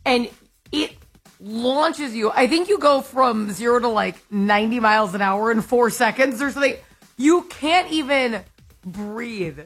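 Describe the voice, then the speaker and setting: High-voiced animated woman, slightly breathy. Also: a little slow, soft background music. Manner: animated, laughing storyteller. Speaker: co-host. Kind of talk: casual chat.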